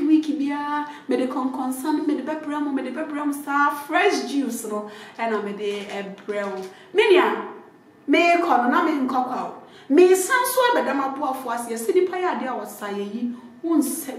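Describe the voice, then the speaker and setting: A Ghanaian woman comedian delivering an animated comic rant that keeps repeating itself in sudden loud bursts. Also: a little high. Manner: animated, repetitive, shouty bursts. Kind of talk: comic rant mixing English and Twi. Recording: very echoey room.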